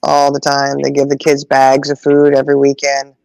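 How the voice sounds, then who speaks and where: A woman's voice: extremely low pitch, creaky, no echo, low-quality recording. A middle-aged woman telling stories in casual chat, laughing often and acting out voices in the quotes. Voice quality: animated, acts out voices in quotes. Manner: laughs often, drawn-out exclamations. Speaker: podcast host.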